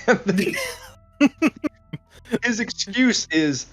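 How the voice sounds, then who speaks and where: A man's voice: sits high, sing-song, measured pace, long pauses, muffled recording, soft background music. Casual, laughing man on a podcast. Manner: profane, laughs often. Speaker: podcast co-host. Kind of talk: casual chat about a film over beer.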